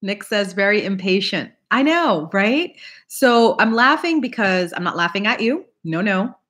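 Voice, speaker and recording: A woman's voice: mid-range voice, animated, unhurried, fairly bright tone. A woman hosting a live tarot reading, chatting casually and laughing often while she greets viewers by name.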